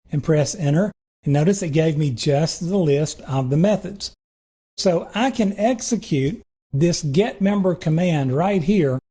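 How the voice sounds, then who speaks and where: A man instructor narrating a screen-recorded programming tutorial, talking through each step in a relaxed, reassuring way. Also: fairly high pitch, slightly rough.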